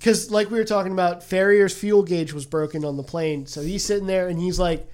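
A woman's voice: lowish voice, steady tone, a little mellow. Woman, podcast host, casual movie recap, swears freely, acts out lines as she goes. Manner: retells scenes with quick put-on quotes, swears freely.

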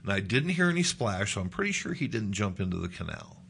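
Gravelly man telling a story. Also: fairly low pitch, quick pace, a little hiss or hum. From Nebraska, United States. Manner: animated storyteller, acts out quotes in a raised voice. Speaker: guest.

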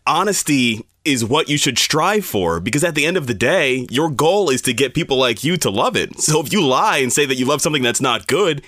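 A man's voice: mid-range voice, expressive, brisk, few pauses, bright, forceful tone, no echo, clean studio sound. A man giving an earnest opinion in a casual conversation.

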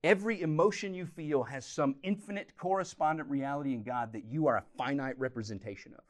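A man preaching a teaching sermon, animated, swinging from loud emphasis to quiet, intense moments. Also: medium pitch, brisk. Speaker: pastor.

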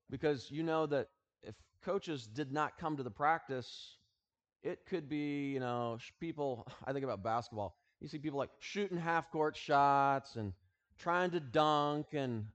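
A man of ordinary pitch gives a relaxed Bible lesson to students, the way a coach would talk to his team. He reads scripture slowly and quietly, then slips into easy, chuckling explanation built on sports examples. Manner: casual, uses sports analogies, chuckles often. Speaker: teacher and football coach leading a Bible talk. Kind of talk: conversational Bible teaching to students.

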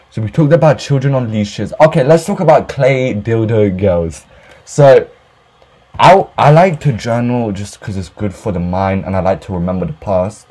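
For a podcast, a young man with a lowish, dark-toned voice tells retail stories in a casual storytime rant, swearing freely about customers.

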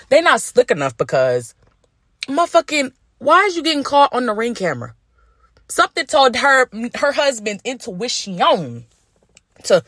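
A young adult woman hosting a podcast, gossiping in a profane, animated way and slipping into mocking quotes. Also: high-pitched, brisk, no room sound, studio quality. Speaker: podcast host. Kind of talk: casual solo podcast commentary.

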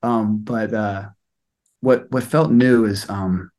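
Young man, slightly low voice, reflective personal sharing, hesitant with lots of fillers. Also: fairly even intonation. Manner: soft-spoken, halting, many fillers. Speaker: student sharing experience.

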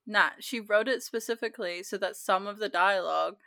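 This woman co-hosts a podcast and talks in a casual, argumentative way, digging in and swearing as she makes her case. Her voice is bright and sharp, and it sounds dry, close and with no room echo. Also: mid-range voice, brisk, vocal fry. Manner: insistent, argumentative, swears freely. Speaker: podcast co-host. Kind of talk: casual book chat.

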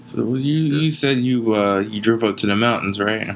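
A man's voice: fairly low pitch, normal speed, slight background noise. A man co-hosting a comedy show, cutting in with sarcastic, profane remarks. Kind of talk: heckling banter.

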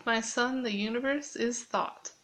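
A woman reading aloud as a calm, patient fatherly creator god who speaks softly. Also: fairly high pitch, measured pace, rough recording. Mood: gentle.

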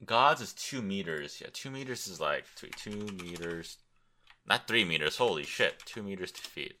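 With a low voice and lively intonation, the young man running this podcast alone talks at a moderate pace in a bright, forceful tone. He's tired and rambling, tossing out crude jokes and thinking out loud as he looks things up.

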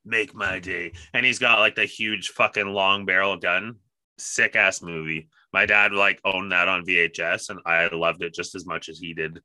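A man with a sharp, very bright, forceful voice, chatting casually on a podcast. He sounds enthusiastic and swears freely, and the recording is dry and close, with no room sound. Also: low voice, steady tone, moderate pace, no echo. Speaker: podcast co-host. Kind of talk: casual chat.

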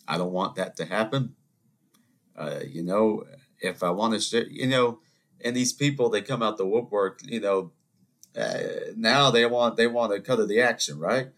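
A man hosting a solo podcast, telling rambling anecdotes in an animated, conversational way. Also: fairly low pitch, normal speed. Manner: animated storytelling, rambling asides, mock voices. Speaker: podcast host. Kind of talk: solo ranting monologue.

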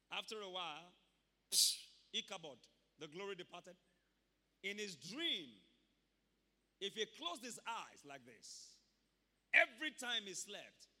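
Male preacher, sharp bright tone, hall echo. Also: high-pitched. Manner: emphatic preaching, bursts of loud exclamation. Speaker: pastor. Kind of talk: sermon. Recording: long hall reverb.

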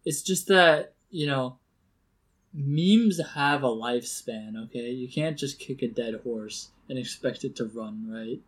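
A man's voice: mid-range voice, measured pace. A man co-hosting a podcast, chatting casually and laughing easily, with many fillers. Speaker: podcast co-host. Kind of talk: casual chat.

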